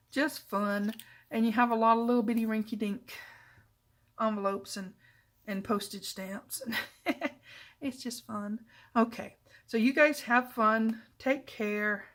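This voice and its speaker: A middle-aged woman hosting a casual crafting tutorial, chatty and self-deprecating, with frequent asides as she works. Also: a little high. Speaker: papercraft channel host.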